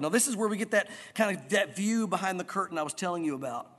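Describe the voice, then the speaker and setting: A man preaching a sermon to his congregation, animated and emphatic, with a long hall reverb. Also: high-pitched, quick pace, hardly any pauses. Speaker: pastor.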